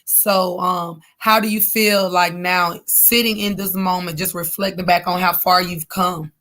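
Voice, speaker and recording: A woman's voice: on the low side, steady tone, measured pace, pushed and bright. A woman hosting an interview, asking encouraging, reflective questions in a casual way. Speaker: interview host.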